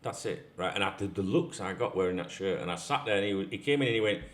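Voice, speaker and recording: A man's voice: deep voice, animated, quick pace. A man hosting a football channel, talking in a casual rant with frequent restarts and swearing.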